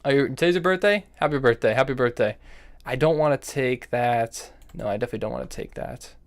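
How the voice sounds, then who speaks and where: Playing online chess on a live stream, a man thinks aloud move by move in half-finished phrases. His mid-range voice is expressive, fast and creaky, breaking into bursts of nervous fretting and self-scolding.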